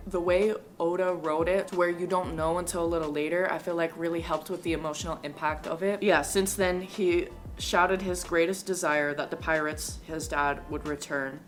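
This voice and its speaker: Gushing woman talking over faint music. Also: on the low side. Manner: gushing and rambling, heavy on "like". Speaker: manga reaction vlogger. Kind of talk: casual chat.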